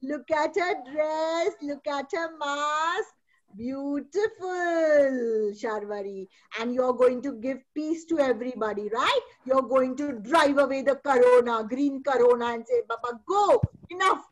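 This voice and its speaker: High-voiced teacher lady, sing-song and cheery, muffled call audio. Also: a little slow. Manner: sing-song and encouraging, with dramatic storytelling. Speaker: kindergarten teacher. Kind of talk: online class hosting a fancy dress show.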